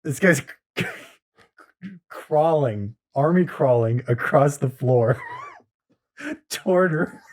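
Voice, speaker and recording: A man's voice: fairly high pitch, lively intonation, very slow, long pauses. A man co-hosting a podcast, casually retelling a funny story in a rambling way with lots of fillers. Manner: rambling, lots of "like" and "you know", laughs at his own story. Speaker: podcast co-host.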